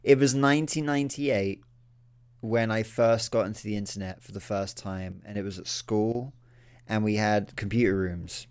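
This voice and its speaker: A man's voice: on the low side, normal speed, a little mellow, clear, resonant tone. A British man in his thirties, co-hosting a casual wrestling podcast in a loose, joking way. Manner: laid-back, loose and joking. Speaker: podcast co-host. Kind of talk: casual chat.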